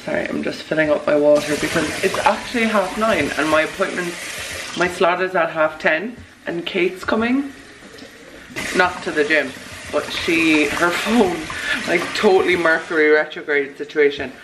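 A young Irish vlogger in her twenties rambles chattily to her phone camera, dropping "lads" and "like" constantly. Her low-pitched voice moves at normal speed over a noisy background with faint music underneath.

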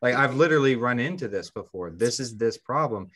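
A man's voice: medium pitch, expressive, fairly quick, fairly bright tone, slightly rough. A man co-hosting a podcast, retelling a story in a casual, rambling way with lots of ums and restarts. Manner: rambling, heavy on fillers and restarts. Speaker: podcast co-host.

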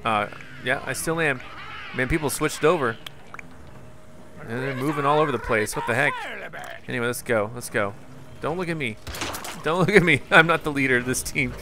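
A young man giving excitable live commentary on a video game, talking to his viewers with jumpy exclamations. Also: mid-range voice, normal speed, long pauses, noisy background. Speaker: gaming YouTuber.

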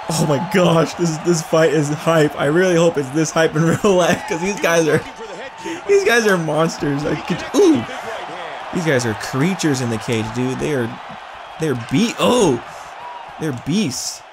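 A man playing a fight game, reacting excitedly, yelping, laughing and trash-talking his opponent. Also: fairly high pitch, a little slow. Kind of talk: excited let's-play reactions. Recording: game arena crowd noise behind. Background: video game crowd noise.

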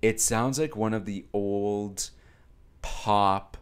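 A young man giving casual reaction commentary on a music video, chatty and excitable, talking straight to his viewers. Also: on the low side, takes it slowly, clean tone. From Italian background. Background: music video playing.

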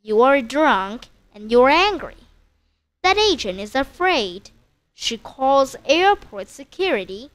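A woman teacher narrating a simple story slowly and clearly for English learners. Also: high voice. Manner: slow, clear, expressive storytelling.

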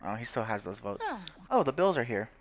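A man's voice: medium pitch, sing-song, a little fast, noisy background. A young man giving casual, crude commentary while playing a game, swearing, laughing and reading game text aloud. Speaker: gaming YouTuber.

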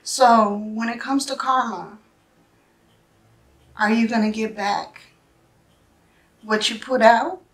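A woman doing a spiritual tarot reading, speaking earnestly and emotionally in short halting phrases, often checking in with "right?". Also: fairly high pitch, steady tone. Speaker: tarot reader.

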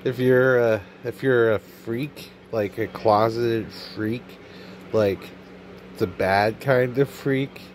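A man's voice: medium pitch, fairly even intonation, slow, a little hiss or hum. A young man hosting a comedy video, rambling through memes in a goofy, self-mocking way. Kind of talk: casual meme commentary.

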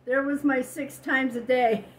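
A woman's voice: high-pitched, steady tone, a little slow, low-quality recording. An older woman casually chatting at home as a vlogger, telling stories and laughing often. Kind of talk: casual chat.

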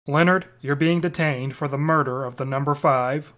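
A man voicing a self-serious male police officer in a stick-figure cartoon, using a deadpan radio-call delivery. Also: fairly high pitch, moderate pace, close to an everyday voice.

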